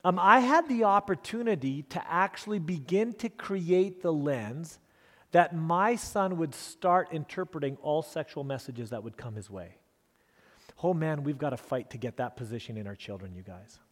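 Brief: man in his forties, pastor, high voice, earnest self-deprecating storyteller, long hall reverb. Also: animated, moderate pace. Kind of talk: storytelling sermon talk.

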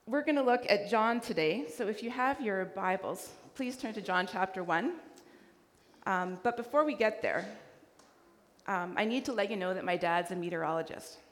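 A woman of medium pitch speaks at normal speed as a Canadian guest preacher. She narrates a story in her sermon with lively energy, voicing the people she met along the way. The room has hall reverb.

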